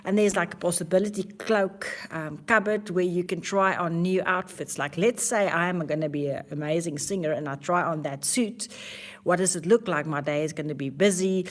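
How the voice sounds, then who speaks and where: A woman's voice: lowish voice, moderate pace. A woman vlogger talking casually and candidly to camera about her self-help habits, earnest, with frequent restarts.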